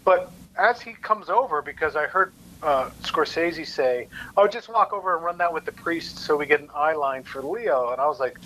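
A man in casual conversation tells stories from his acting work in a fairly high, lively voice. He jumps into quoted voices and breaks into laughter along the way. Faint noise sits under the recording. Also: moderate pace, hardly any pauses, poor audio. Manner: animated storyteller, acts out quoted voices, laughs often. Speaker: actor guest. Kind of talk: casual anecdote-telling.

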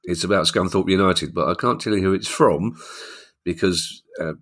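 A man's voice: low-pitched, moderate pace, a bit bright. A man hosting a podcast, chatting casually and wryly reading out listener questions. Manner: wry, joking, reads listener questions. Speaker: podcast host. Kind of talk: casual chat.

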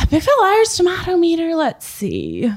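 A woman's voice: extremely high pitch, wildly swooping pitch, a little slow. An American woman co-hosting a podcast in casual chat, enthusiastic and playful. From United States. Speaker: podcast co-host.

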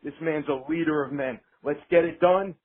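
A man's voice: a little high, moderate pace, husky. A man calling in to a sports radio show, blunt, profane and fired up, heard over a phone line. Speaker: caller.

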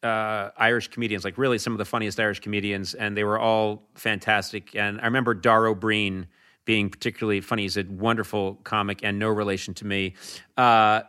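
A man appearing as a podcast guest, telling stories in casual chat and swooping his voice up high for comic emphasis. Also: little pitch movement, a little fast, bright, forceful tone, clean tone.

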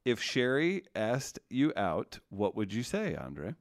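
Animated, joking man hosting a chat. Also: fairly low pitch, slow, dry recording, studio quality. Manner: animated, laughs often, joking. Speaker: show host reading viewer comments. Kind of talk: casual live-stream chat.

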